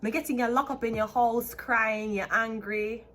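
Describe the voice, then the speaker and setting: Jamaican-accented female tarot reader, higher pitch, excitable and repetitive delivery. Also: normal speed. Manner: excitable, chatty, repeats herself. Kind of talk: casual tarot reading to camera.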